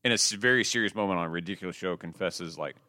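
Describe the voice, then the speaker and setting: A man hosting a podcast, excitedly recapping TV episodes in a rambling, swear-filled casual chat. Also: deep voice, racing, no echo, clean studio sound. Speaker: podcast host.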